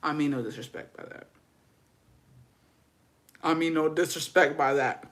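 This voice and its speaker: Woman, vlogger, casual storytime chat, swears constantly, gossipy, lively. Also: low voice, unhurried. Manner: profane, gossipy and animated.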